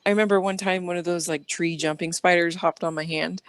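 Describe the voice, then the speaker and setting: A woman's voice: fairly low pitch, steady tone, fairly quick, dry recording. Chatty woman telling strange stories, dry sound. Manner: chatty, rambling, acts out dialogue. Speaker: guest. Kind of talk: casual storytelling interview.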